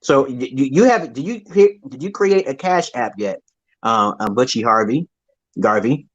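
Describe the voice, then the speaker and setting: Male call-in stream host, mid pitch, rambling and crude, on muffled lo-fi audio. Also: lively intonation, moderate pace. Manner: crude, rambling, stammering restarts. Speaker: livestream host. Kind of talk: casual call-in chat. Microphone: online stream call.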